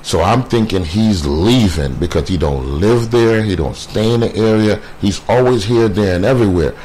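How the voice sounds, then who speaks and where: A man telling a painful personal story in a casual way, halting often with fillers and repeated words. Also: lowish voice, a little mellow, slight background noise. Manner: quotes others in a brisk voice.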